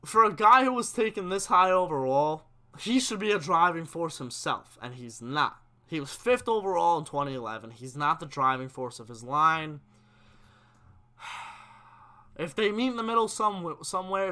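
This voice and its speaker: Young male live-stream host, excitable and opinionated, bright tense tone. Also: fairly high pitch, unhurried, smooth. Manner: animated, gets worked up, reads chat questions aloud. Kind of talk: casual live-stream hockey chat.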